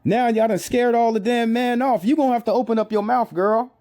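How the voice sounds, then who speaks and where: A man's voice: very high-pitched, fairly even intonation, a little fast, darkish tone. A middle-aged man giving comedic commentary as a vlogger, preachy and emphatic, often repeating himself.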